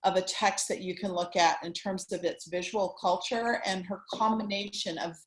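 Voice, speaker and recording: A woman moderating an online Q&A and relaying teachers' questions, friendly and measured with frequent fillers, speaking over a video call. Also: medium pitch, steady tone. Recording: echoey room on a video call.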